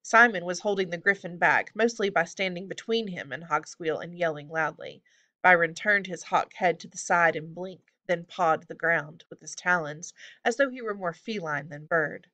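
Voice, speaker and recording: Bright-voiced woman narrating a storybook. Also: fairly low pitch, moderate pace. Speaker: audiobook reader.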